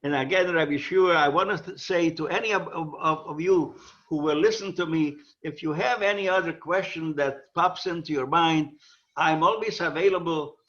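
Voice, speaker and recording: An older man telling a personal story, halting and often repeating words as he restarts. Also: on the high side, a bit bright, roomy sound, dull audio. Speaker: survivor telling his story.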